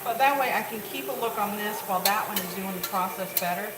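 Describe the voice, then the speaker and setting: A woman's voice: mid-range voice, quick pace. A woman chatting casually to viewers as she cooks, rambling through her steps in a home kitchen. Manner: chatty, rambling, talks to viewers while cooking. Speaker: home cook showing a recipe. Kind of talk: casual cooking tutorial. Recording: echoey kitchen, off-mic, loud cooking noise.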